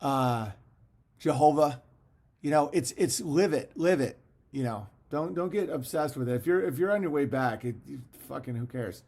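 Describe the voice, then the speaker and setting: He's fasting while hosting an easygoing livestream, going through viewer messages with profane, rambling chatter and lots of laughter. The voice is mid-range, expressive and a little mellow.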